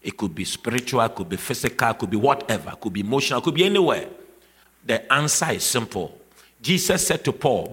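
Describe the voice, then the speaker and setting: A man preaching a sermon emphatically, repeating key phrases and building to shouts. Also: mid-range voice, lively intonation, quick pace, breathy edge. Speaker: pastor. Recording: long reverb of a large hall.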